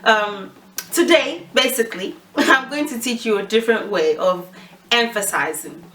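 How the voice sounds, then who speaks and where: A woman's voice: on the high side, moderate pace, a bit bright, slight background noise. A woman giving a casual spoken language lesson, explaining informally and laughing at her own slips. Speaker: language teacher.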